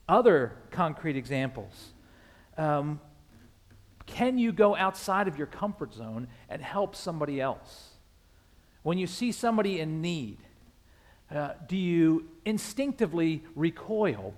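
A man preaching a sermon in a church, asking rhetorical questions that swell and fade. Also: on the high side. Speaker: pastor.

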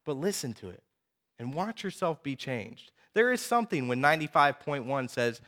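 A man in his thirties preaching a sermon, telling personal stories in a lively, conversational way with frequent asides to the audience. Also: fairly high pitch, normal speed. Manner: animated storytelling, conversational asides.

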